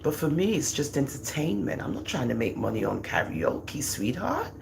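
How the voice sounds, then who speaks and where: A woman's voice: extremely low pitch, normal speed, gravelly, background noise. A middle-aged woman with a Jamaican accent, chatting casually on a livestream in a teasing, boastful manner. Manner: animated, teasing, boastful about her children. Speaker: livestream host.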